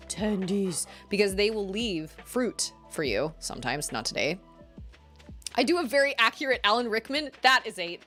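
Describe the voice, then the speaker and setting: A woman's voice: mid-range voice, a bit bright. A woman in her thirties streaming a game, chatting casually, giggly and rambling. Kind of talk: casual chat while gaming.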